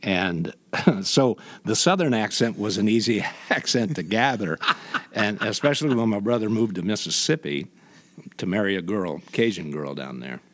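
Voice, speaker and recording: A man from Indiana, a guest in an interview, telling stories in a halting way with many restarts. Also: fairly low pitch, animated, fairly bright tone. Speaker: guest, voice imitator. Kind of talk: reflective conversational storytelling.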